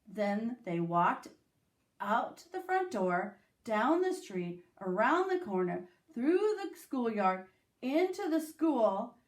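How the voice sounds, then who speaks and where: A woman reads a children's storybook aloud in an unhurried, expressive voice. Her pitch sits a little high and swoops widely. She gives the characters their own small voices. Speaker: teacher reading aloud.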